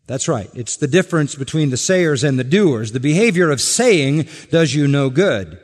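Male pastor, sermon, fairly high voice, emphatic and repetitive, trailing off low. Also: lively intonation, normal speed, few pauses. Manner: emphatic, repetitive, drops soft and low at line ends. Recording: long reverb of a hall.

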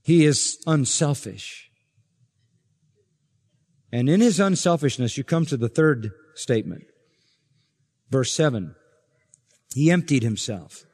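A man preaching an expository sermon as pastor, emphatic and building to forceful points. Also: mid-range voice, expressive, slow pace, pauses often. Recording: long reverb of a large hall.

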